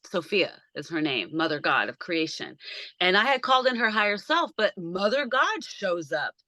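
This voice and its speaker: Speaking from a small backyard shed, a woman hosts a relaxed podcast over a video call, her lowish voice moving at a moderate pace with no echo. She tells stories animatedly and performs the voices of the people she quotes.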